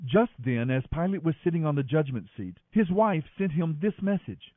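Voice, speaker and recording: A man doing a daily Bible reading in an expressive, dramatic manner. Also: fairly high pitch, moderate pace, few pauses, no room sound. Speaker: scripture reader. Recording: thin phone-like sound, dry.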